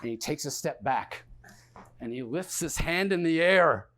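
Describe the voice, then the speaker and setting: Sex: man. Role: stage comedian. Style: one-man storytelling. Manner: animated, slightly high-pitched, trips over words. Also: a little slow. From New York. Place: theatre stage.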